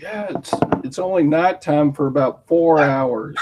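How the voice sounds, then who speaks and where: A man rambles on in a relaxed way on a group call. His voice sits a bit high for a man, and there is clear background noise on the line. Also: measured pace. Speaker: chat participant. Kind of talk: casual group chat.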